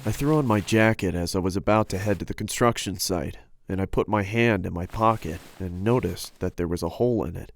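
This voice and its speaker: A man narrating a first-person horror story in a steady, earnest way. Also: low voice, fairly quick, gravelly, few pauses. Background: background music.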